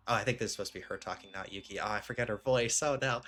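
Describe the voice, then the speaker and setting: A man's voice: fairly low pitch, rapid-fire, hardly any pauses, fairly bright tone, soft background music. A young man giving amused, chatty commentary while playing a game. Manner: chatty, amused, laughing asides. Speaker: let's play gamer.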